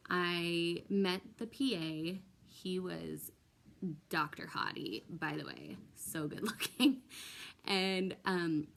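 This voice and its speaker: A young woman talks slowly through a personal story for her vlog, her voice sitting a little low. She hesitates often and restarts her sentences, and she sounds emotional and close to tears. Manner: hesitant, many ums and restarts. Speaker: vlogger.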